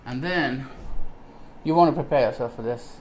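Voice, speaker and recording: A man's voice: mid-range voice, moderate pace, slight background noise. A man vlogging an unboxing of computer parts in enthusiastic, rambling casual chat, with many ums and restarts. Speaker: tech vlogger.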